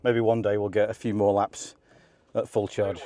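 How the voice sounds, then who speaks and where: A man giving excited, laughing commentary from inside a car on a race track. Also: fairly low pitch, moderate pace, no echo. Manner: enthusiastic, laughing often. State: out of breath. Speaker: car vlogger. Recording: car and track noise behind.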